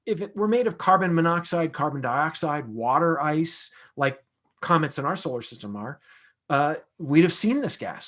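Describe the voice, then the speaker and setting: A man's voice: a little high, a bit bright. A man, an astronomer, answering audience questions in a casual, conversational lecture with frequent fillers and restarts.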